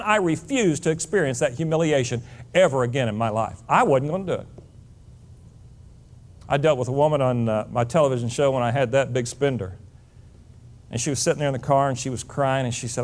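A middle-aged man delivers a motivational speech in a blunt, lecturing manner. His pitch swings widely as he presses each point home, and his voice sits in the middle of the usual male range. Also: expressive, a little fast, a little mellow. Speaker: motivational speaker.

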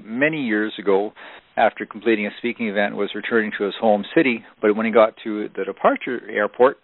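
Brief: low, gravelly male trainer, storytelling seminar voice, dry and lo-fi. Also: no echo. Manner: storytelling, emphatic, with frequent restarts. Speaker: motivational business trainer. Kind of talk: recorded seminar talk for audio CD. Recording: dry, phone-like narrow band.

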